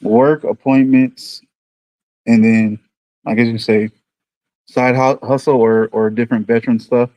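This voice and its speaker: A man's voice: medium pitch, flat delivery, a little slow, pauses often, dark tone, no room sound. A man with a New York accent chatting casually with viewers on a livestream. He rambles and thinks aloud in an easygoing way. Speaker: livestream host.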